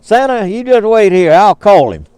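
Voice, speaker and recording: An older man with a Georgia Southern accent voicing an excited, bright young swamp boy in a folksy story. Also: high-pitched, clean tone, dry recording. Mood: eager. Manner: excited, quick to explain.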